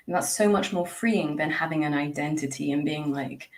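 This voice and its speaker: Chatty woman guest with a lowish voice. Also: moderate pace, few pauses. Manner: chatty, laughs often, many fillers and restarts. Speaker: podcast guest. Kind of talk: casual reflective interview talk.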